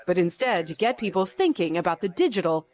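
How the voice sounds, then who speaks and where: A woman news reporter narrating a report in a measured, formal way. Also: on the low side, very animated, darkish tone.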